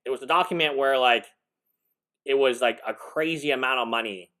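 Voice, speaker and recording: A man's voice: mid-range voice, moderate pace, bright, forceful tone. A man, a lawyer, giving live reaction commentary, incredulous and laughing, rambling with restarts.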